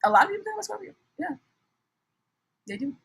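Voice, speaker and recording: A young woman giving a casual tarot reading, animated and blunt, swinging from soft muttering to loud outbursts. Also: extremely high pitch, fast, poor audio. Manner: animated, swings from soft mutters to shouts, laughs often, swears. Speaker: tarot reader.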